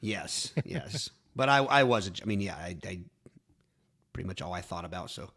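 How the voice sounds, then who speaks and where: A man's voice: sits low, expressive, moderate pace, vocal fry, a bit bright, dry recording, studio quality. A man co-hosting a podcast, joking and self-deprecating, often restarting his sentences. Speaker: podcast co-host. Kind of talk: casual podcast banter.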